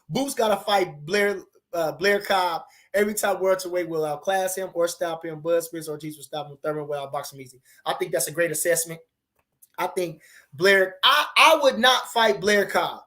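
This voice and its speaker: Animated man hosting a casual boxing stream. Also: sits high. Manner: animated, slangy, repeats phrases, laughs often. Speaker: boxing channel host. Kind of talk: casual livestream chat reading viewer comments.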